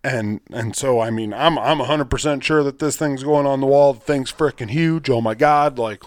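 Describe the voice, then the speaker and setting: Excitable rambling man. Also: mid-range voice, moderate pace, no room sound, clean studio sound. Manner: rambling, excitable storyteller with mild swearing. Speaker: podcast host. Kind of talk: casual chat.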